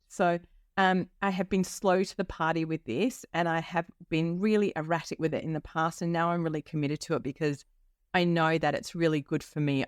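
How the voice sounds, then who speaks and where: A woman in her fifties with a low-sitting voice hosts a solo podcast of personal reflection. She talks candidly and chattily with many fillers, recorded in clean studio sound with no echo.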